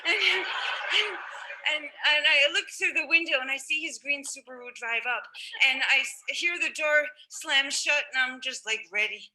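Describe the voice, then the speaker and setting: Young woman storyteller, high bright voice, halting with lots of ums and restarts. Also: rough recording. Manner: halting, many fillers and restarts. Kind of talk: personal storytelling.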